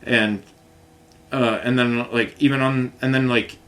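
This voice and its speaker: A man's voice: steady tone, unhurried, a bit bright. Rambling frustrated man telling a story. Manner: rambling, frustrated, mimics others with raised pitch. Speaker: vlogger telling a complaint story. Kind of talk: casual storytelling rant.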